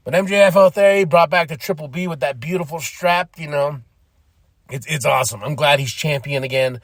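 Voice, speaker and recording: A man's voice: a little high, no room sound, clean studio sound. A man hosting a podcast, giving rambling, enthusiastic fan commentary and often laughing. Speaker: podcast host. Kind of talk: casual commentary.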